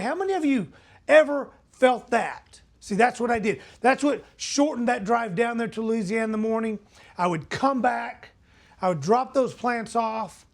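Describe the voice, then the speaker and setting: High-voiced man telling an earnest story. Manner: earnest, emotional, asks the audience questions. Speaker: motivational speaker. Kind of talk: personal storytelling talk.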